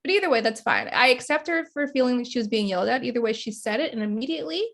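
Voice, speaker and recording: A woman with a high voice co-hosts a casual recap show. She talks in an animated way and retells scenes by acting out what each person said. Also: racing. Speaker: podcast co-host.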